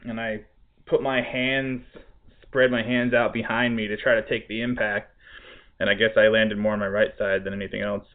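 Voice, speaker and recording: A man's voice: lowish voice, flat delivery, moderate pace. Man telling a story over tinny audio. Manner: laughing, profane, exasperated storytelling. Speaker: podcast host; restaurant cook. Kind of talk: casual storytelling chat.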